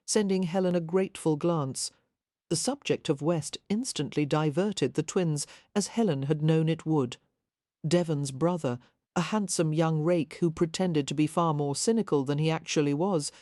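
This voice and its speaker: A woman narrating a historical romance audiobook in an even, measured reading. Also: sits low, dry recording, studio quality. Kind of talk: scripted narration.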